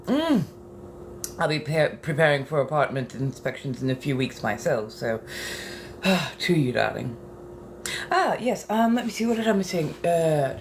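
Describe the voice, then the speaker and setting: A woman chatting softly as an ASMR creator at home, musing unhurriedly and practicing phrases aloud. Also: low voice, big pitch swings, measured pace, a little hiss or hum. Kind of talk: soft-spoken ASMR chat. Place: home apartment.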